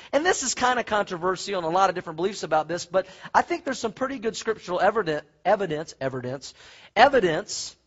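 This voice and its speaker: A man preaching a sermon, animated and folksy, telling stories with asides to the congregation. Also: high voice, dull audio. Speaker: pastor.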